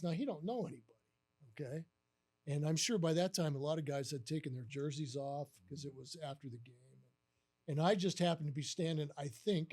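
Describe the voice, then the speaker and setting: An older man with a fairly high voice spins a long story as a podcast guest. He fills his lines with "you know" and "uh," and he jumps into the quoted voices of the people in the tale. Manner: animated storyteller who acts out quoted voices with many fillers. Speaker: guest, former baseball catcher.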